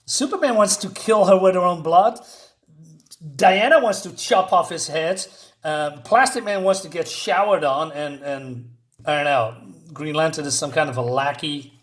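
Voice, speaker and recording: Man, higher voice, casual comic reviewer, sarcastic, incredulous, filler-heavy. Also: normal speed.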